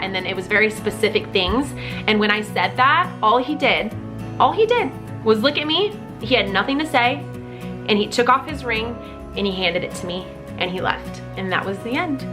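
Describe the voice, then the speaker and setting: A young woman casually telling a personal story to camera, candid and expressive, with plenty of "like" and the odd swear word. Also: mid-range voice. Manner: candid and expressive, with frequent "like" and profanity.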